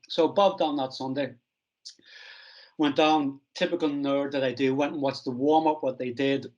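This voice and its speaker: A middle-aged man from Northern Ireland, a strength coach telling stories from his career in a relaxed, self-deprecating interview. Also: mid-range voice, moderate pace, dull audio. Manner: anecdotal, self-deprecating, acts out quoted dialogue.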